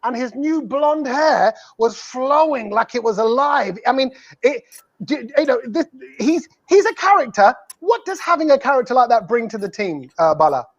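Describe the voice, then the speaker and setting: A man's voice: very high-pitched, very animated, normal speed. This is a playful male host of a fan preview show, joking and teasing his guests as he hands them questions. The sound is slightly dull and lo-fi, as from a video call. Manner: playful, teasing, mimics accents.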